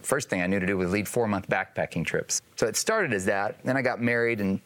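Earnest storytelling man, low voice. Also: expressive, fairly bright tone. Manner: earnest storyteller, brisk anecdotes. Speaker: guest author. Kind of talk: casual studio interview. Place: TV studio set.

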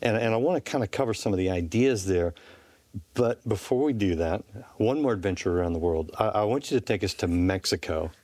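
A male TV host with a low voice asks friendly, halting questions with frequent restarts. The studio sound is dry and close. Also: lively intonation, a little mellow, no room sound. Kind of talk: casual studio interview. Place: TV studio set.

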